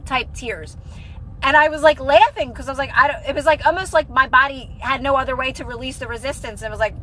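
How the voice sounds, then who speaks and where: In a low-quality recording with slight background noise, a young adult woman talks fast in a high, sharp voice. Answering viewers on a phone live stream about manifestation, she's encouraging and sincere, yet her speech rambles, restarts constantly and is packed with "like."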